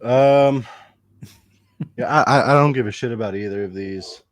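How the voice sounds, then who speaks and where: A man's voice: mid-range voice, normal speed, dry recording. A man in a casual group podcast chat, hesitant and indifferent.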